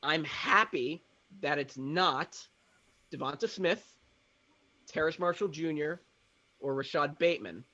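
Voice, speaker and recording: A nervous man co-hosting a live draft reaction, voice pitched a little high for a man. He frets out loud and argues his way back to calm. The recording sounds dull and lo-fi. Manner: anxious, talks himself through it. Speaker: sports show co-host.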